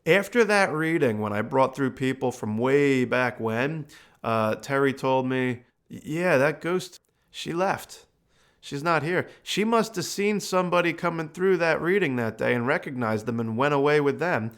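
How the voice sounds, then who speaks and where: A man who works as a medium, hosting a show and telling a personal story in a relaxed, chatty way with plenty of uh and you know. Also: medium pitch, unhurried. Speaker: host and medium. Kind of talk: casual storytelling.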